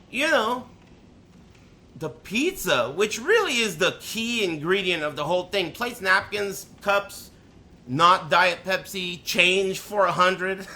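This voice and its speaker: A man telling a story in a casual, profane rant, swinging between loud outbursts and low mutters. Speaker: storyteller on a live stream.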